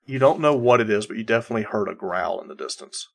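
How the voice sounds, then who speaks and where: A man's voice: fairly low pitch, lively intonation, fast, noisy background. A man narrating as game master of a tabletop game, rambling with many restarts and fillers.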